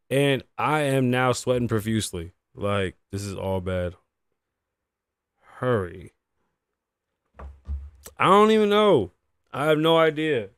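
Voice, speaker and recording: A man's voice: lowish voice, clear, resonant tone, no room sound, studio quality. A man hosting his own livestream podcast, talking loosely to chat and to himself, swearing often, his voice worn and shot. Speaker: podcast host. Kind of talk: casual livestream talk.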